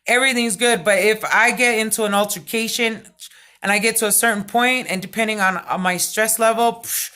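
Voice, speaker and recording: A middle-aged woman vlogging, telling a personal story in a loud, excitable way, full of fillers. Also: a little high, brisk. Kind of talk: casual storytelling vlog.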